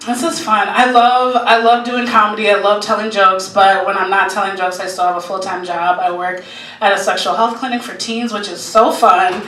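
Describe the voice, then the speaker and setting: A woman's voice: mid-range voice, steady tone, normal speed, fairly bright tone. A woman in her forties performing a stand-up comedy set on a club stage, brash and profane, often laughing at her own jokes. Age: 40s. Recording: roomy live club recording, heard from a distance, noisy.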